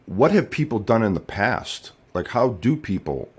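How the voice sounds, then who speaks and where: Guy hosting a business podcast, lowish voice, loose rambly questions w lots of ums. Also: moderate pace, slightly rough. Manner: relaxed, rambling questions with many fillers and restarts. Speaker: podcast host. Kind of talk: casual interview chat.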